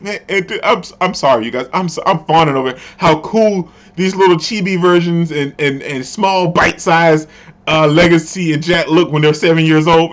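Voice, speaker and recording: A chatty, excitable man reading a comic aloud and reacting to it. His voice is a little high. He stumbles, repeats himself, and tacks "man" onto his sentences. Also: moderate pace. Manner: excitable, repeats words, often says "man". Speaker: comic readthrough host. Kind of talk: casual reading with commentary.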